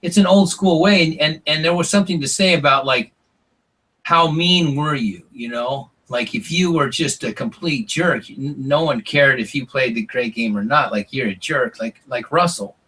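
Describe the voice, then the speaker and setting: In a casual interview, this male guest, once a reality show contestant, spins long stories full of "like" and "you know." His mid-range voice is pushed, bright and slightly rough, at normal speed, and the recording is rough.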